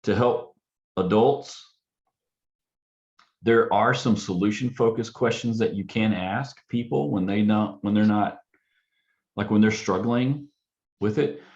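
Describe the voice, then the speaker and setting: Low-voiced man, counselor talking through techniques. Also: takes it slowly, pauses often, highs cut off. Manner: acts out client and parent dialogue in a softer, curious tone. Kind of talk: casual panel talk.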